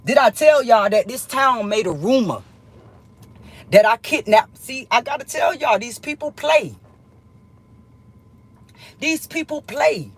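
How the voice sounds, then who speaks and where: A woman talking straight to her viewers, telling a heated story with plenty of swearing and repeating lines for emphasis. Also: medium pitch. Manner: swears freely. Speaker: vlogger.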